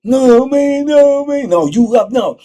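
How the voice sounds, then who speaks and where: A man voicing a terrified male inmate who pleads and whines in a high, panicked voice. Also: little pitch movement, normal speed, mellow.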